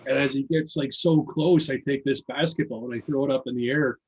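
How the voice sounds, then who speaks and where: Male podcast storyteller, husky voice, animated and profane, acts out the dialogue. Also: mid-range voice, fairly quick, dull audio. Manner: animated, swears freely, acts out quotes. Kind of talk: casual storytelling.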